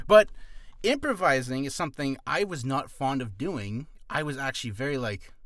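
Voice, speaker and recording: Brief: male vlogger, chatty and self-mocking, lively pitch, dry studio mic. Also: moderate pace, dry recording. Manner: rambling, jokey, self-deprecating. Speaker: hobby voice actor and vlogger. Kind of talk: casual vlog talk. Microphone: studio mic with audio interface.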